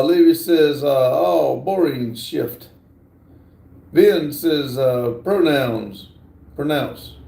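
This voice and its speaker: A middle-aged man talks slowly through a casual livestream, reading chat aloud with plenty of "uh"s. His voice is gravelly and mellow. The room is echoey. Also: fairly high pitch. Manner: slow, drawling, reads chat aloud with many fillers. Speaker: livestream host.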